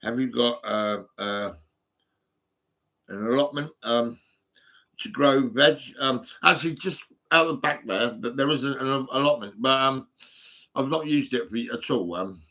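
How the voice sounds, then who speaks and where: A middle-aged man from Hampshire talks casually in a southern English accent, his voice bright and forward. He rambles, swears freely and stumbles through fillers and restarts. It sounds like a phone recording in a small room. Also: mid-range voice, unhurried. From England, Hampshire. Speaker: vlogger.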